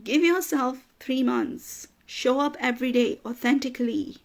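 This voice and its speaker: A woman's voice: high voice, unhurried, vocal fry, hardly any pauses. A woman business coach giving an emphatic motivational talk, repeating phrases for emphasis and getting emotional at times. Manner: gets emotional, laughs through tears.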